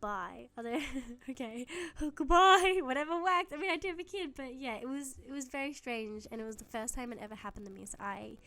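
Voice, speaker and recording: A woman's voice: a little high, quick pace, few pauses, a bit bright. A young woman telling a casual story, chatty, laughing often and acting out both sides of the talk. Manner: chatty, laughs often, quotes herself in dialogue. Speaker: gaming YouTuber. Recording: faulty mic audio.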